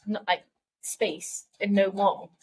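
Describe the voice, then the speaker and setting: Woman podcast co-host, casual, thoughtful explainer, mid-pitched. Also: fairly even intonation, slow, a little mellow. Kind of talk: casual chat.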